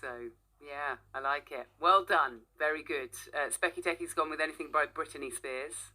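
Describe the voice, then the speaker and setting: A woman's voice: low-pitched, moderate pace, bright, forceful tone. A woman presenting a casual morning radio show, chatty and teasing, laughing often.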